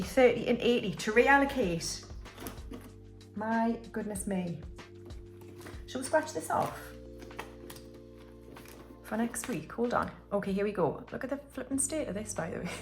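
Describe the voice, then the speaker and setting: A woman records a casual budgeting vlog. She counts banknotes aloud in a chatty way and keeps talking straight to her viewers. Quiet music plays faintly behind her. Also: fairly high pitch, lively intonation, a little slow, long pauses. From United Kingdom. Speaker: budgeting vlogger. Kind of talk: casual chat while counting cash.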